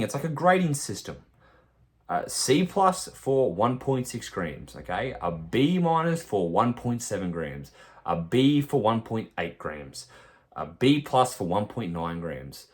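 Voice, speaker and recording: Blunt, profane fitness coach. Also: male voice, medium pitch, very animated, a little slow. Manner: forceful, profane, lecturing. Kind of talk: blunt podcast monologue.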